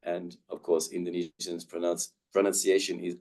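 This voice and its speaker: A man's voice: low voice, level tone, fairly quick, few pauses, darkish tone. A young man, giving a webinar lecture and carefully modelling the sound of each word aloud. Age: young adult. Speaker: guest speaker teaching pronunciation.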